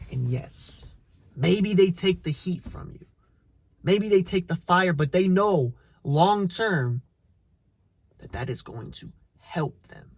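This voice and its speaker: A man's voice: a little high, creaky, darkish tone, slightly rough. A man giving a blunt, profane motivational talk, preaching at the listener, repeating himself and restarting his sentences. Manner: repeats phrases, stumbles on restarts. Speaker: motivational vlogger. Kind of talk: casual motivational monologue.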